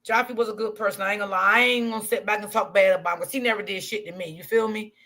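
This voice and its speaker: A woman's voice: medium pitch, fairly even intonation, very fast, pushed and bright. A woman hosting a casual livestream, talking candidly to her chat, swearing freely and laughing often. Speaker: livestream commentary host.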